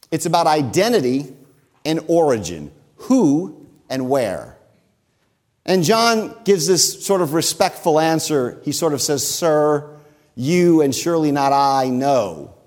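A male pastor delivers a sermon in a voice pitched somewhat higher than most men's, with a darkish tone. He preaches emphatically and slowly, stretching out key phrases to drive his point home, with big swings in pitch and long pauses.

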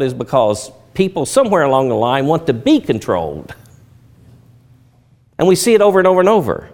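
A man preaching a sermon, with emphatic rises and drops and folksy turns of phrase. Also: on the high side.

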